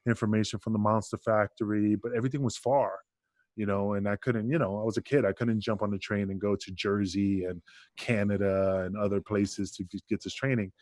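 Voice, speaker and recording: A man's voice: fairly low pitch, fairly quick, no echo, clean studio sound. Profane, rambling New man. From Queensbridge, New York. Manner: profane, rambling, animated storyteller. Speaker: podcast guest, wrestler. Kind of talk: casual storytelling chat.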